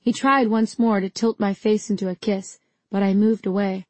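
A woman narrating an audiobook in the first person with a measured, dramatic reading. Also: mid-range voice, fairly even intonation, a little mellow, no echo.

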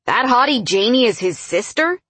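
A woman's voice: medium pitch, big pitch swings, normal speed, fairly bright tone, slightly rough, no echo. A woman voicing a bitter, guarded young man. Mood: grudging. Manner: bitter, grudging.

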